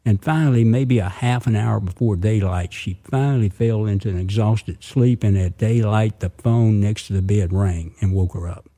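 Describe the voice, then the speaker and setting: Male storyteller, dramatic oral delivery, raspy and gravelly. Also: on the low side, dark tone. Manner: vivid, with sound effects and asides to listeners.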